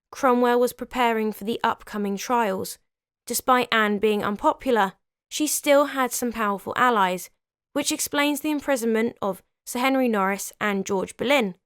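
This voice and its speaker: A woman's voice: on the high side, no echo, studio quality. A woman hosting a history video, telling the story in a scripted but conversational way, with chatty asides.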